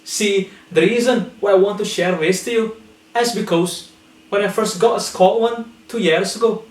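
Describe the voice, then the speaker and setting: High-voiced man teaching English in a roomy space. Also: normal speed, distant mic. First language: not English. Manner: explains step by step, acts out short example exchanges. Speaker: language teacher. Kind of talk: casual English lesson to camera. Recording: roomy echo, from off-mic, faint music.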